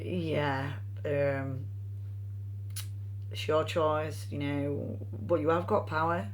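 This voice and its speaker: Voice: medium pitch, slight background noise. A rune reader giving a meandering, free-associating reading with chatty asides. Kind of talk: slow intuitive card-style reading.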